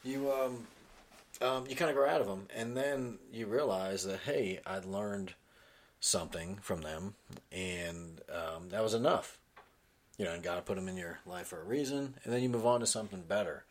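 Chill guy in his 30s, kinda low voice, lots of ums and laughs, casual podcast talk. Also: moderate pace. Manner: relaxed, laughs often, many ums. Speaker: podcast host and father. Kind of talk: casual chat.

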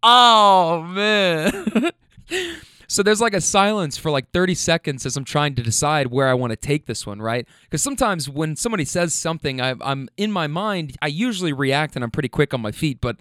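A man's voice: on the high side, animated, brisk, few pauses, a bit bright, dry recording, studio quality. A man who drives for a rideshare service telling a candid, profane story, often laughing. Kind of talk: casual storytelling.

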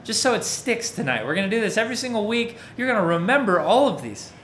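A male preacher with a slightly high voice and a casual, chatty delivery, who keeps asking his listeners to respond. A faint hiss sits under his voice. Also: very animated, fast talker, a bit bright. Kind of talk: interactive sermon.

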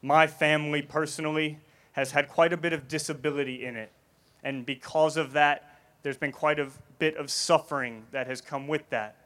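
A man's voice: fairly high pitch, fairly even intonation, moderate pace, fairly bright tone. Earnest man telling a story on stage. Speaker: Christian speaker. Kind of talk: festival talk with personal story. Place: festival stage.

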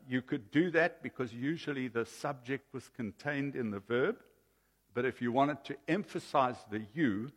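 A man preaching a sermon as pastor in a measured, emphatic way, in an old recording from a church. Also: medium pitch. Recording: old sermon recording with long hall reverb.

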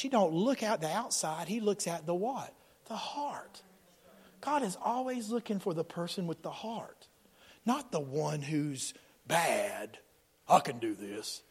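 A middle-aged pastor preaches with lively energy, performing character voices and shifting from loud to hushed. His voice sits high and has a slight roughness.

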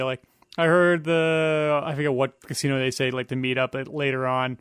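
A man's voice: a little high, little pitch movement, moderate pace, fairly bright tone, smooth, no echo, studio quality. A young man talking as a guest on a casual film podcast, explaining editing in an analytical way with many fillers.

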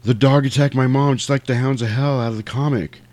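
A man's voice: medium pitch, steady tone, fairly quick, darkish tone, no room sound, pitched above the performer's own voice, lightly acted. A man voicing an eager young boy who rallies his friends to hunt a vampire. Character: excited kid brother chasing vampires.

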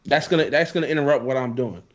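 A man's voice: mid-range voice, quick pace. A man hosting a podcast from home in casual chat, blunt and profane. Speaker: podcast host. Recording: slightly dull lo-fi sound.

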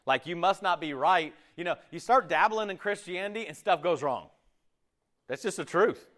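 A man preaching a sermon, animated, acting out quoted voices and often checking in with "okay?". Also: high voice, normal speed. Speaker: pastor. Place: church.

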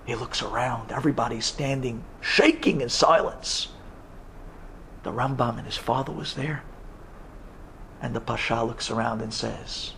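A man's voice: medium pitch, unhurried, vocal fry, pauses often, a bit bright, slightly rough. A man, a rabbi, tells a sermon story with drama, dropping to whispers at tense moments.

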